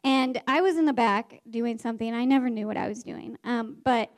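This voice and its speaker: A woman, a former teacher, tells a story from her classroom. Her voice sits a little high. She tells it in a lively, animated way, slipping into the voices of the people in the story. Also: moderate pace. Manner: animated, acts out the characters' voices.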